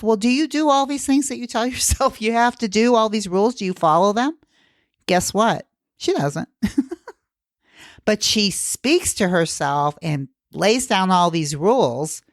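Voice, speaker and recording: Middle-aged woman podcast coach, earnest, fairly low voice, dry booth sound. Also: dry recording. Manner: earnest, coaching, asks listeners rhetorical questions. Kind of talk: solo podcast talk.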